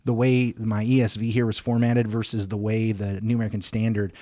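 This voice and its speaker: A man's voice: lowish voice, little pitch movement, a little fast, warm tone, no room sound, clean studio sound. A man co-hosting a podcast, reading a psalm aloud and then discussing it in a casual, earnest way, often restarting his sentences. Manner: earnest, restarts and self-corrections while discussing. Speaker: podcast co-host.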